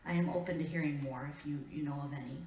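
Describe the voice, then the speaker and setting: A female pastor delivers a sermon in a church sanctuary, her Upper Midwest American accent lilting and her voice a touch low for a woman. She is earnest and measured, pausing deliberately between phrases, with a steady, mellow tone. The recording is echoey, captured from a distance, with slight background noise.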